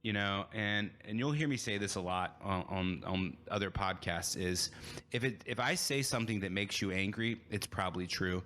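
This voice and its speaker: A man's voice: lowish voice, moderate pace, sharp tone, slight background noise. A man in his thirties, a podcast host giving a blunt, emphatic opinion monologue.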